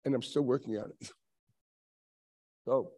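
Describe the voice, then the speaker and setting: A man's voice: medium pitch, fairly even intonation, measured pace, a little mellow. A man in his seventies, a rabbi giving a sermon, telling stories with frequent chuckles and rhetorical questions. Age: 70s. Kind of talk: Tisha B'Av sermon.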